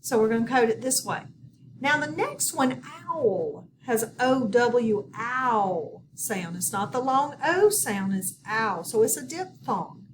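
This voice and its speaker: A woman teaching a phonics lesson in a recorded video, slow and patient, often checking in with her students. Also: fairly high pitch, lively intonation. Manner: slow, patient, instructive with repeated prompts. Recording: distant mic with background noise.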